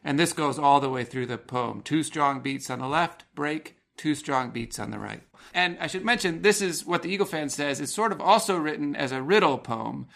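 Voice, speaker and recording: A man with a gravelly, creaky voice co-hosts a poetry podcast. He speaks thoughtfully and walks listeners through examples from a poem. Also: a little high, lively intonation, normal speed, a bit bright. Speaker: podcast co-host. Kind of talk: discussion of poetry.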